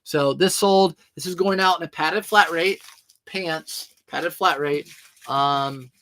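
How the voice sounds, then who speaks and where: A chatty man in his thirties talks through his packing routine on a livestream. His voice sits a bit high for a man. He rambles, answers chat questions as they come in, and jokes with viewers. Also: slow pace, a bit bright. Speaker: eBay reseller streaming to viewers. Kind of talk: casual livestream chat while packing orders.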